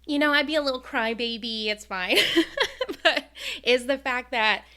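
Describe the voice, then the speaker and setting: A woman co-hosts a podcast in easy casual chat. Her voice sits a little high and sounds bright and forceful. She retells stories emotionally, with plenty of fillers. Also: a little slow, smooth. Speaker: podcast co-host.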